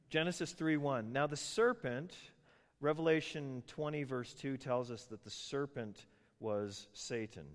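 Male preacher in an echoing hall. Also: mid-range voice. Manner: conversational, emphatic, rhetorical questions. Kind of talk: sermon teaching.

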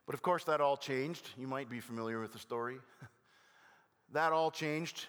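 An older man preaching a sermon as a pastor, conversational with gentle self-deprecating humor and halting restarts. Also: mid-range voice, clear, resonant tone. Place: church sanctuary. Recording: long hall reverb.

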